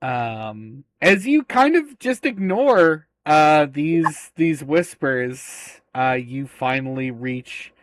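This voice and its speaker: A man's voice: medium pitch, no room sound. A man narrating a tabletop game as game master, hesitant with many filler sounds.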